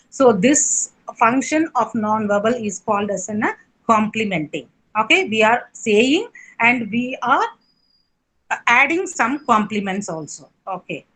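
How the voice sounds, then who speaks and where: Indian english lady teaching a class, kinda high husky voice, lots of uh and okay. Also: fairly bright tone, poor audio. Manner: explaining slowly with many fillers and questions to students. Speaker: lecturer. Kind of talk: online lecture.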